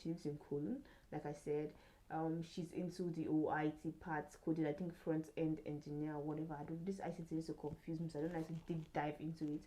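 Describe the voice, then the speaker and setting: A woman's voice: deep voice, little pitch movement, quick pace, dark tone, low-quality recording. A young adult woman vlogging in casual chat, rambling with many fillers and restarts.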